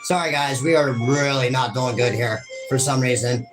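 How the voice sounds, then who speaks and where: A man's voice: medium pitch, moderate pace, over music. A man hosting a video game playthrough, rambling and apologizing to his viewers in casual, swear-laced talk. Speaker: gaming host. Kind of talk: let's-play commentary.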